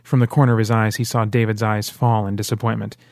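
A man reading an audiobook in steady, earnest scripted narration. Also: on the low side, fast talker, dry recording, clean studio sound.

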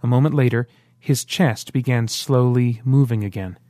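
A man narrating an audiobook in a steady, dramatic storytelling manner. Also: medium pitch, moderate pace, dry recording. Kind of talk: scripted narration.

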